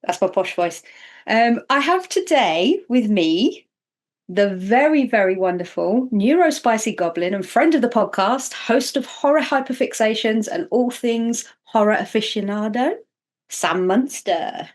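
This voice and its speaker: A woman hosting a podcast in casual chat, chatty and self-mocking with quick asides. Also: a little high, animated. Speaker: podcast host.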